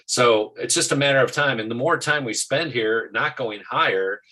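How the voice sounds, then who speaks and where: A man hosting a casual market talk show, animated and quick to restart his sentences. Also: medium pitch, low-quality recording.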